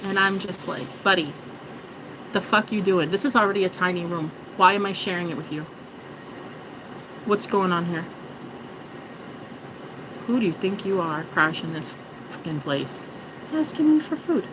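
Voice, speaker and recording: A woman's voice: fairly low pitch, lively intonation, moderate pace, pauses often, noisy background. A woman vlogging in a rambling, joking monologue, swearing and mocking herself. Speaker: spiritual vlogger.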